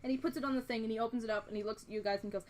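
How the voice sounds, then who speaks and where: A woman's voice: on the high side, steady tone, very fast, darkish tone, a little hiss or hum. A woman narrating a tabletop game as dungeon master in a chatty way with many fillers.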